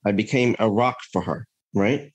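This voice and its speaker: A man appears as a podcast guest and tells a personal story in an earnest, reflective way, thinking aloud, restarting sentences and often checking in with "right?" His voice is lowish and husky, at a moderate pace.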